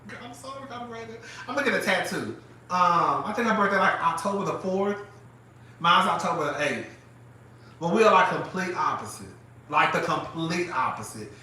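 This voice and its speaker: A man's voice: sits high, normal speed. A man hosting a live stream from his phone, chatting casually and dramatically, laughing often. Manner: animated, dramatic, laughs often, calls listeners girl. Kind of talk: casual gossip chat. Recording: very echoey room, mic far off, faint noise.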